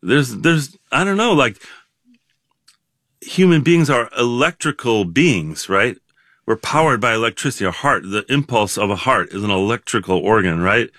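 Halting and thoughtful, this man in his sixties keeps circling back with fillers and restarts. His middle-pitched voice sits close and dry in a studio, with no room sound around it. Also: animated, a bit bright, dry recording. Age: 60s. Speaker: guest. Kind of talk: reflective interview talk.

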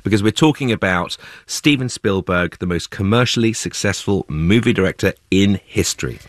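A man co-hosting a business podcast who mixes scripted narration with animated chat. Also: low voice, moderate pace, no room sound. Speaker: podcast co-host, business editor.

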